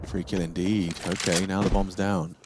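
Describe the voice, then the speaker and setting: A man's voice: low voice, flat delivery, normal speed. A man doing esports color commentary, joking with his co-caster between rounds. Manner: joking, banter-prone. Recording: noisy with game sounds behind. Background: gunfire from the game.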